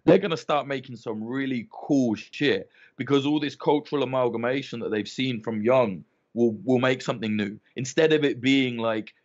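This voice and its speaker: A man's voice: mid-range voice, normal speed, few pauses. A man in casual podcast chat, swearing often and telling stories with animation. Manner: swears a lot, animated storytelling. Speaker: podcast guest. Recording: muffled lo-fi audio.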